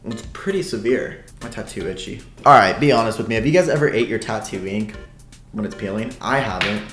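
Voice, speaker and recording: A man's voice: lowish voice, lively intonation, brisk, a bit bright, echoey room, soft background music. Rambling, crude-joking male streamer. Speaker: streamer reading chat. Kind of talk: casual livestream chat.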